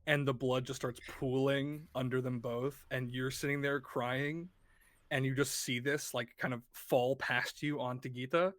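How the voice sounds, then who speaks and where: A man narrating a horror tabletop game as game master, casual and animated, swearing freely. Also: medium pitch, unhurried, no echo, studio quality.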